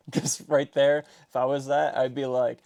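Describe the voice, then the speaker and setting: Male reaction video host, casual and amused, gravelly. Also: medium pitch, flat delivery, unhurried, darkish tone. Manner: laid-back, amused, chuckling often.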